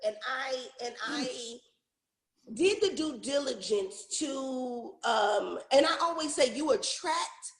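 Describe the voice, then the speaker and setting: A woman's voice: high voice, slow. A woman guest on a podcast, telling candid stories with animation and frequent laughter. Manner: animated, laughs often, drops into playful quoted voices. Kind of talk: candid storytelling in conversation. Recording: roomy echo.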